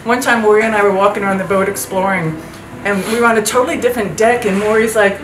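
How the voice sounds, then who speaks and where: A woman's voice: mid-range voice, fast talker. A woman telling a story in a casual way. She laughs often and acts out the voices of other people. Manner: laughing, animated, acts out quotes. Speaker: interviewee sharing memories. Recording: roomy room with loud background noise.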